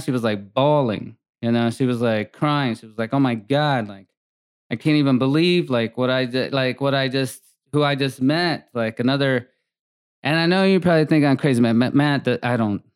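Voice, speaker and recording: Rambling man with a smooth voice. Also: mid-range voice, no room sound, clean studio sound. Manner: rambling, animated storytelling with many fillers. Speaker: podcast co-host. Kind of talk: casual chat.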